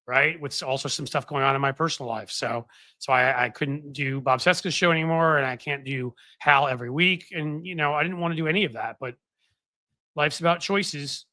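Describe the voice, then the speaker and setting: Speaking into a desk mic with no echo, this political commentary host has a slightly high, bright voice with a forceful edge and a brisk pace. He chats with viewers on a casual live stream, rambling easily and often filling or restarting his sentences.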